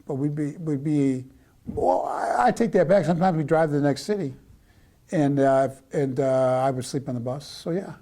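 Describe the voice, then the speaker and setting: Man, warm mellow voice, measured guest talking through a schedule. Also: a little high. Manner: measured, listing routine step by step. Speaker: interview guest. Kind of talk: casual interview recollection.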